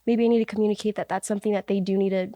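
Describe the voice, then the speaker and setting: A woman's voice: mid-range voice, steady tone, very fast, no room sound, clean studio sound. A woman hosting a casual podcast conversation, affirming and full of backchannel responses. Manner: warmly affirming, many backchannels. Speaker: podcast host.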